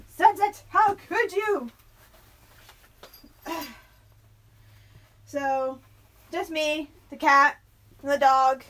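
Brief: young woman vlogger, high voice, rambling self-mocking chat, faint hiss behind. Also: fairly bright tone. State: jittery from coffee, talking fast. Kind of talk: casual vlog chat.

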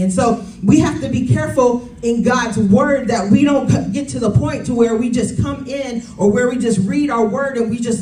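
A woman's voice: fairly high pitch, mellow. A woman in her thirties preaching a sermon in a conversational way, often calling out to the congregation. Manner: conversational, calls to congregation with "y'all" and "Amen". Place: church. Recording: roomy sound from a distance.

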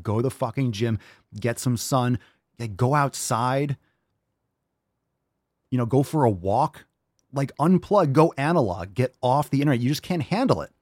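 A man's voice: mid-range voice, a little mellow, no echo, studio quality. Blunt, profane man ranting on his podcast. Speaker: podcast host. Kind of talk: opinionated fitness podcast rant.

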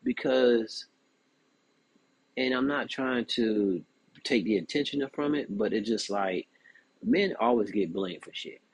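Man, young adult, husky, dry close mic, casual commentary. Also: mid-range voice, slow, long pauses, no echo. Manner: animated, frequent "you know what I'm saying". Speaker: podcast host.

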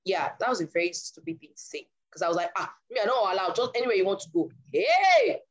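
A woman's voice: on the low side, very fast. A woman preaching a sermon, telling a story from her own marriage and acting out the voices in it. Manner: animated storyteller acting out dialogue.

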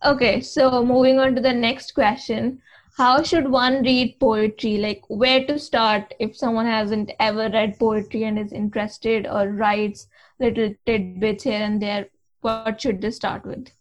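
A woman's voice: fairly high pitch, flat delivery, unhurried, rough recording. A woman hosting a casual podcast, asking light questions and laughing often. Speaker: podcast host.

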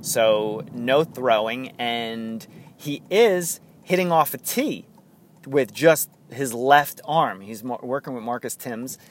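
A man hosting a solo sports podcast in an eager, rambling way, chuckling often and tripping over his restarts. His voice sits at an ordinary middle pitch, with a faint rumble of a vehicle behind him. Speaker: podcast host.

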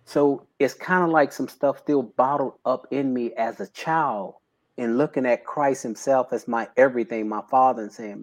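A man in his late fifties talking casually as a podcast guest. He tells stories with feeling, and his voice climbs high with excitement when he quotes people. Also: moderate pace. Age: 50s. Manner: animated storyteller, emotional about faith. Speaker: podcast guest, bodybuilder and trainer. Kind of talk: casual conversation.

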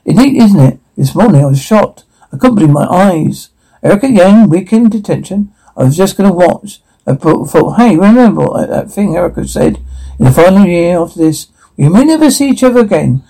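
An actor playing an obsessive, lonely young man who lives in a cellar, talking softly with a creepy devotion and rambling restarts. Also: on the high side, poor audio.

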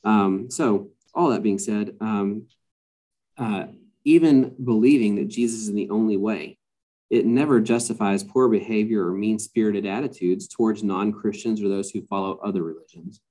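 Low, warm, male, hesitant, filler-heavy, casual podcast talk. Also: moderate pace. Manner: hesitant, many fillers and restarts.

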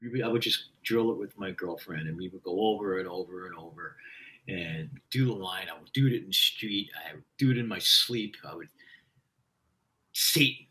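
A man's voice: sits low, moderate pace, slightly rough. A man, a stage actor, telling a story in casual conversation, swearing freely and laughing often. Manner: profane, laughing, energetic storyteller.

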